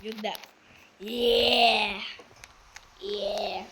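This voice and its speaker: A woman giving casual, slangy commentary while playing an online game, excitable and quick to rant. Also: medium pitch, vocal fry, loud music behind the voice. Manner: slangy, keeps saying bro.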